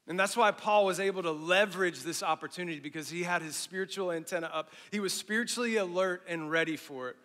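A middle-aged man preaching a sermon as pastor, with animated emphasis that drops to a hush at phrase ends and casual asides to the congregation. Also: sits high, brisk, few pauses.

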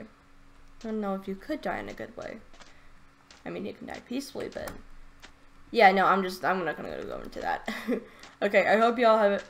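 A woman playing a video game and talking through it in casual commentary, excitable and gushing, often stammering and repeating herself. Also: mid-range voice, creaky. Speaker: let's play gamer.

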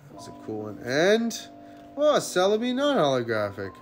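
A man hosting a card-opening video, chatting casually to viewers and getting excited, jumping high when good cards show up and dropping to quiet murmurs in between. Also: normal speed. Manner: excitable, jumps up high when hits appear, then drops to low murmurs. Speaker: card-opening channel host. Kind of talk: casual unboxing chat to viewers. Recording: music playing under the voice.

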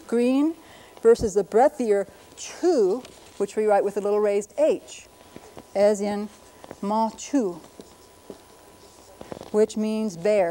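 A woman's voice: medium pitch, warm tone. A middle-aged woman linguist giving a patient, lightly humorous lecture on writing systems. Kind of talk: classroom-style lecture.

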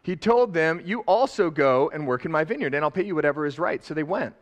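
A middle-aged man preaching a sermon, lively and laughing, rising loud and dropping soft. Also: a little high, quick pace, dull audio. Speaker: pastor. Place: church sanctuary.

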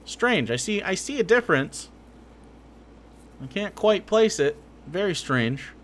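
A man's voice: high voice, very animated, unhurried, a little hiss or hum. A man streaming reaction commentary on political clips, sarcastic and profane, growing heated.

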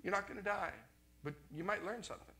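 An older man preaching a sermon as pastor, animated, jumping from loud exclamations to quiet asides. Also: high-pitched, fast.

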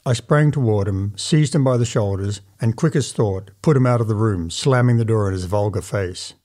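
Mellow male audiobook narrator. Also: lowish voice. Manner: measured, formal storytelling in first person.

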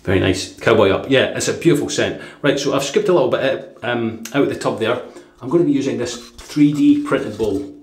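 A man's voice: medium pitch, brisk, hardly any pauses. A Scottish man from Dundee chatting casually through a product review, rambling with fillers and chuckles. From Dundee, Scotland. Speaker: shaving vlogger. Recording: echoey room.

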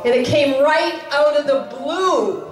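In an echoey chapel hall, a woman tells a story during a service, her voice high, expressive and slow, and the recording catches her from a distance. She acts out the dialogue casually, quoting the characters and dropping in conversational fillers as part of her sermon.

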